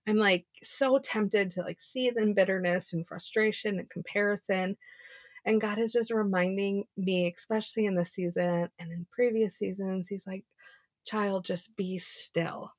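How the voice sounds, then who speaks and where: A woman's voice: medium pitch, fairly even intonation, normal speed, no room sound, studio quality. A young woman co-hosting a podcast, giving a casual faith devotional talk in an earnest, chatty way full of "like". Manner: earnest, chatty, heavy filler "like".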